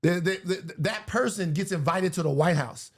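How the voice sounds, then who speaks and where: A man with a gravelly, fairly high voice, talking as a guest in a casual chat. He is emphatic and slangy and often restarts his sentences as he builds his point. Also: moderate pace.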